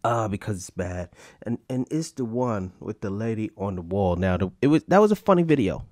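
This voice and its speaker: A man's voice: on the low side, lively intonation, fairly quick, a little mellow, no echo, clean studio sound. A man hosting a podcast in casual chat, reacting to clips in a slangy style and often breaking into laughter. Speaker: podcast host.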